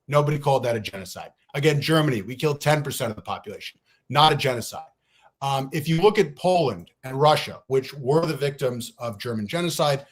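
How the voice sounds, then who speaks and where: A man making his case in a debate, emphatic and lecturing, laying out numbers and sometimes talking fast. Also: mid-range voice. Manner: talks fast at times. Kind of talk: debate argument.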